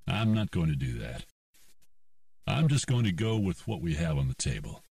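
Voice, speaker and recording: A narrator doing a shrewd poker player. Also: male voice, sits low, very animated, normal speed, gravelly, darkish tone, no echo, studio quality, far from the mic, exaggerated voice.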